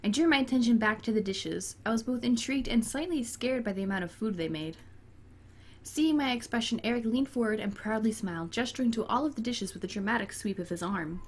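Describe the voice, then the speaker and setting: A woman's voice: on the high side, fairly quick, a little hiss or hum. A woman gamer reading a dating game aloud and breaking off into chatty, giggly asides, including talking to her cat. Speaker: let's play gamer.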